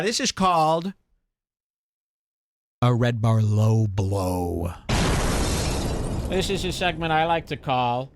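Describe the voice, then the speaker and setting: A man hosting a podcast, ranting crudely and mockingly in a comedic style. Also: a bit bright. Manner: mocking, exaggerated, swings pitch wildly. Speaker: podcast host.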